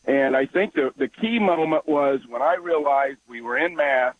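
A man's voice: on the high side, moderate pace. A man calling into a radio show, earnest and enthusiastic. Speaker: caller. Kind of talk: phone-in conversation. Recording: dull lo-fi radio call.

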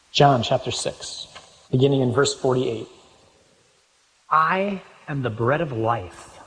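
A man preaching a sermon, reading scripture aloud with animated, rising emphasis. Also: medium pitch. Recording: long hall reverb.

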